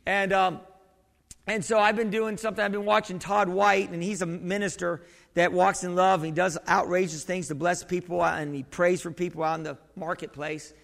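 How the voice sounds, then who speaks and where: A man's voice: high-pitched, little pitch movement, normal speed, gravelly, a bit bright. A male pastor preaching a sermon in a conversational way, with frequent restarts and questions thrown to the congregation. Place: church sanctuary. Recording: long hall reverb.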